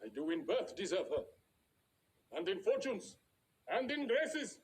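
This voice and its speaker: An actor playing a proud, regal prince who muses in verse, softly and half-laughing, in a stage drama. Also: male voice, high voice, sing-song, a little slow, husky, heavily acted, rough recording. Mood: musing. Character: proud regal male prince weighing a choice.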